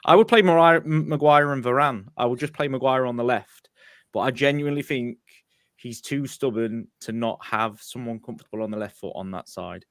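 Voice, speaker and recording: A man's voice: mid-range voice, brisk, no room sound, clean studio sound. A man hosting a casual football fan show, chatting candidly with frequent ums.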